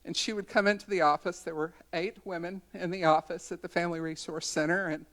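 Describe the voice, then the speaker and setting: A woman's voice: fairly low pitch, steady tone, fairly quick. A woman in her sixties, a community educator, giving a storytelling talk at a symposium in a college conference center.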